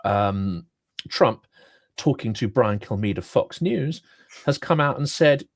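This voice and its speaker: A man hosts a talk podcast, leading the interview with wry, dry-humored remarks. His pitch swings widely as he talks, and the recording is dry and close with no room sound. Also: slow, vocal fry, no echo. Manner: wry and expressive, with dry asides. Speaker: podcast host. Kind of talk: interview questions and commentary.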